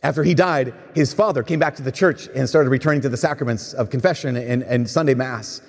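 A man with a husky, slightly breathy voice delivers a storytelling sermon, slipping into the voices of the people he quotes. His words ring out with a long reverb, as though spoken in a large hall. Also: medium pitch, a little fast. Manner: animated retelling with quoted voices. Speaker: preacher.

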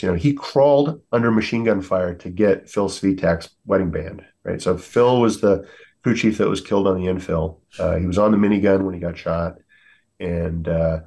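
A middle-aged American man with a lowish voice recounts combat stories in a podcast interview. He talks earnestly, leans on fillers and slips into the voices of others. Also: darkish tone. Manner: earnest, many fillers, acts out quotes. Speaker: guest, military veteran.

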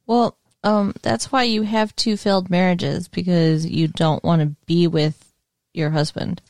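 A woman's voice: on the low side, steady tone, unhurried, a little mellow, no echo, clean studio sound. A woman co-hosting a casual chat, talking with small stumbles.

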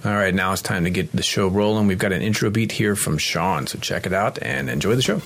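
A man's voice: on the low side, creaky. A man hosting a podcast, reading sponsor spots and chatting casually with a guest, laughing often. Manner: laughs often, quick reactions. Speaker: podcast host. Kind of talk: casual podcast chat and ad reads.

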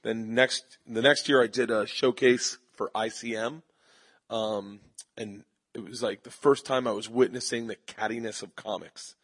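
Husky man telling stories. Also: on the low side. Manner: animated storyteller doing quick voices of others. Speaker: comedian guest. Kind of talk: storytelling interview. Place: live audience at a comedy festival.

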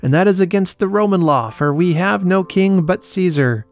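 A man putting on an angry, clamoring crowd, its voice pushed high and loud in a storybook reading. The mob shouts every demand with rising heat. Faint guitar drifts in behind it. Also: moderate pace. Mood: insistent.

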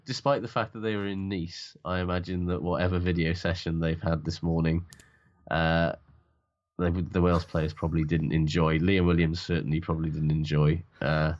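A man's voice: sits low, flat delivery, moderate pace, a little mellow, lo-fi sound. A middle-aged man, co-hosting a podcast in sweary, grumbling casual banter. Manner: sweary, laughs often, dry grumbling. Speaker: podcast co-host.

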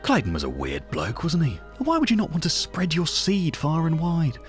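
An actor playing a gossipy, self-regarding British local radio host with a British accent, rambling from one aside to the next in a comedy radio monologue. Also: male voice, a little high, huge pitch swings, moderate pace, soft background music.

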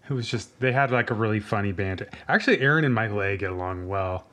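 A man's voice: lowish voice, lively intonation, a little fast, a bit bright. A man co-hosting a podcast, laid-back, giving short agreements and blunt opinions. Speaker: podcast co-host. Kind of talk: casual chat.

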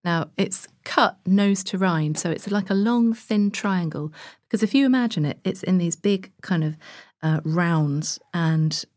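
Woman podcast presenter; low-ish voice, upbeat and chatty. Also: unhurried, few pauses, darkish tone, no room sound, clean studio sound. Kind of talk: casual studio chat. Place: studio.

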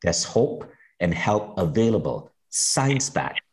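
A man's voice: on the low side, sing-song, a little slow, poor audio. A man hosting a podcast interview, introducing his guest with upbeat enthusiasm. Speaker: podcast host.

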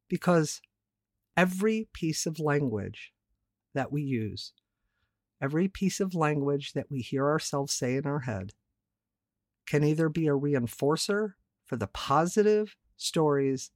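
Animated woman hosting a self-help podcast. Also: deep voice, no echo, clean studio sound. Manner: candid, casual, swears offhandedly; emphatic, repeats words for stress. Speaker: podcast host.

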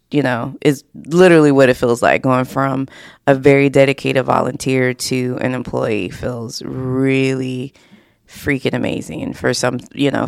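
Woman chatting on her podcast, candid and loose, bit of fry in her voice, dry room. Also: very deep voice, no room sound. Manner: chatty and candid, with frequent fillers and laughs. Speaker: podcast host. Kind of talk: casual solo podcast talk.

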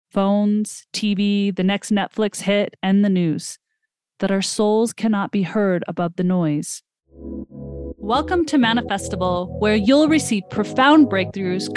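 Woman podcast host and coach, upbeat and friendly, chatty, close dry mic, mid pitch. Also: a little mellow, dry recording. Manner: enthusiastic, addresses listeners as friends. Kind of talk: upbeat podcast intro and promo.

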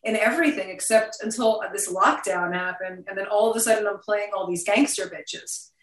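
A woman in her fifties with a New York accent, a guest talking in a casual interview, blunt, profane and quick to laugh. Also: medium pitch. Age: 50s. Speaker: actress guest. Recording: roomy sound, distant from the mic.

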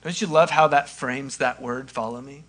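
A man preaching a sermon in a conversational way, acting out quoted lines and swinging from loud to hushed. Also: medium pitch, normal speed. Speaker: pastor.

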